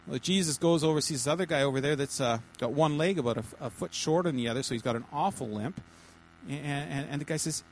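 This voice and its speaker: A man, a pastor, giving informal teaching to a small church group in a halting, chatty way, with many repeated words and restarts. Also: fairly high pitch, a little hiss or hum, poor audio. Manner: chatty, jokey asides.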